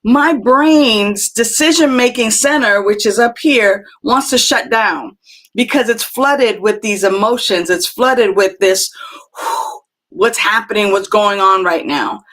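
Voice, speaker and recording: Slow, reflective woman hosting a spiritual talk. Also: mid-range voice. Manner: gentle, reflective, many fillers and restarts. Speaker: host of a spiritual talk show. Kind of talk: live-stream talk, reading chat comments.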